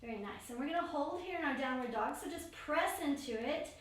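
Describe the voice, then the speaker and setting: A woman leads a yoga class with a bright, high voice, calling out each pose and breath in a steady rhythm. She sits well back from the microphone. Her voice rings through a strongly echoing room. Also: fairly quick. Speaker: yoga instructor. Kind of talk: guided yoga class instruction. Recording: very echoey room, voice far from mic.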